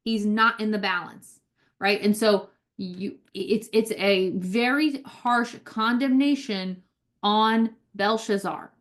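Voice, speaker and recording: Woman teaching a casual Bible study. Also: medium pitch. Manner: conversational, keeps asking "right?", reads scripture aloud slowly with emphasis.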